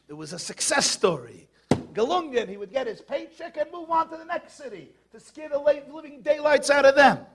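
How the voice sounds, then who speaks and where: A man teaching a Torah lecture full of stories and rhetorical questions, shouting now and then for emphasis. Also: extremely high pitch, lively intonation, brisk, a little hiss or hum.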